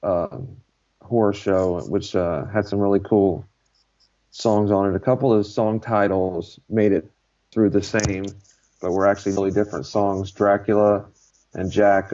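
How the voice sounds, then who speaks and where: Mellow, low-voiced male co-host. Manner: relaxed, lots of "uh" fillers. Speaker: podcast co-host. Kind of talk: casual podcast chat. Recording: slightly dull podcast audio.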